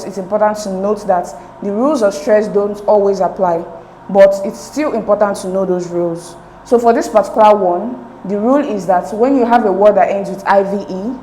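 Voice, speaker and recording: A woman's voice: mid-range voice, warm tone, roomy sound, a little hiss or hum, poor audio. A woman explaining exam questions step by step as a tutor, repeating key points.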